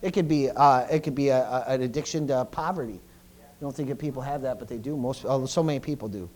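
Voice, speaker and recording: A middle-aged male pastor preaching a sermon, often stumbling and repeating words, swinging between loud bursts and quiet asides. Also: mid-range voice, fast.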